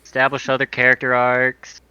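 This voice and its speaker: Sharp-toned man with joking asides. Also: medium pitch, monotone, moderate pace, clean tone, no room sound, lo-fi sound. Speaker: player. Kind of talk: casual chat.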